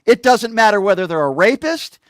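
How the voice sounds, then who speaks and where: In a heated call-in argument, a middle-aged radio host hammers the caller with one repeated question, insulting and combative. He speaks a little fast in a high, very animated voice, captured in a dry recording.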